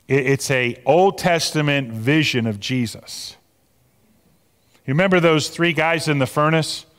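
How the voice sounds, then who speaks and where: A man preaching a sermon as pastor, animated, repeating words as he builds to a point. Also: medium pitch. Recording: long hall reverb.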